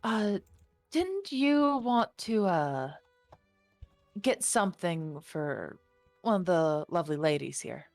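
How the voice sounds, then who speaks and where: A woman's voice: lowish voice, sing-song, takes it slowly, vocal fry, long pauses, darkish tone, no room sound, soft background music, full character voice. A woman voicing a suave, courteous male patron with a drawling manner. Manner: drawling, courteous, calls people "dear".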